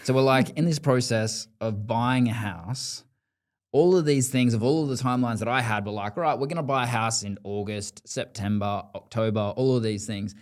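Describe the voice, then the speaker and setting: A man's voice: medium pitch, moderate pace. A man, hosting a podcast and telling a story in casual talk, acting out the voices he quotes. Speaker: podcast host.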